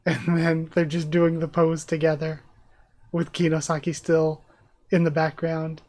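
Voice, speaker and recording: This is a channel host reading a manga chapter out loud, speaking the character dialogue in a voice close to their own and breaking into laughs as they comment on the panels. The voice sits at a middling pitch and is recorded up close on a desk mic. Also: level tone, a little slow.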